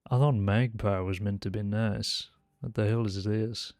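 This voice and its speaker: Slow, gravelly man chatting in role-play. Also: on the low side, no echo. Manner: laughs often, relaxed and joking. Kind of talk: casual in-character role-play chat.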